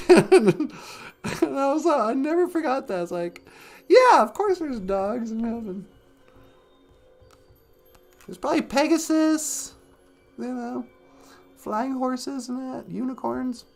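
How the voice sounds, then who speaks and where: A man's voice: expressive, takes it slowly, gravelly, pauses often, soft background music, heavily acted. A man playing a giggly, sing-song aunty. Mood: chatty. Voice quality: high, sing-song and rambling. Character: chatty, giggly middle-aged aunty woman. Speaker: host. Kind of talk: comedic call-in show.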